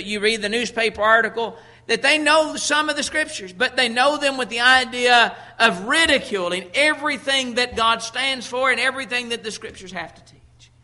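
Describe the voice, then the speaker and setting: A man preaching a sermon, emphatic, slowing down when quoting Scripture and often repeating words as he restarts. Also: high-pitched, pushed and bright.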